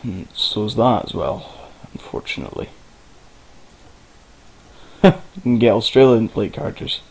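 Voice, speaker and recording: A man's voice: fairly low pitch, a little slow, creaky, a little mellow, breathy edge, low-quality recording. A man narrating a casual game tutorial, rambling and informal, with the odd swear.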